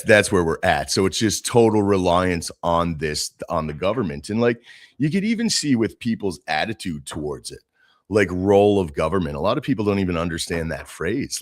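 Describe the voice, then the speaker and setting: A man's voice: sits low, dry recording, clean studio sound. A man co-hosting a podcast, talking casually and bluntly about politics, swearing freely. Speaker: podcast co-host.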